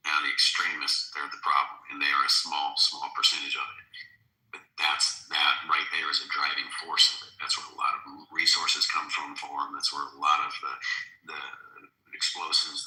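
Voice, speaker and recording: A man with an extremely deep voice leads a casual political talk show. His tone is crisp and bright, and he speaks earnestly, pressing his points with emphasis. The sound is roomy, with echo around him. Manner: earnest, building to alarmed emphasis. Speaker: podcast host.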